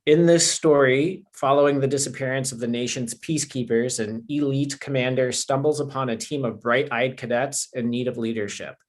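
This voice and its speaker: A man co-hosting a casual livestream, reading comic book blurbs in a relaxed way. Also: mid-range voice, a little fast, few pauses. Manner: relaxed, reads blurbs aloud. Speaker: comics publisher staff co-host.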